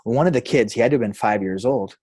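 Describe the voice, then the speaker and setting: A pastor telling a story in a podcast interview, with animated delivery and quoted voices. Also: male voice, medium pitch, fast talker, breathy edge, no echo, studio quality. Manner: animated, acts out quoted voices, frequent fillers.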